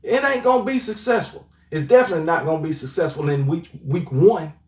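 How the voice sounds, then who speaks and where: A man with a high voice and a drawl trash-talks a rival team in an opinionated sports rant. He keeps repeating catchphrases. His voice echoes around the room from some way off the mic. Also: fairly quick, a little mellow, far from the mic. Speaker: sports commentary vlogger. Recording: roomy echo, voice off-mic.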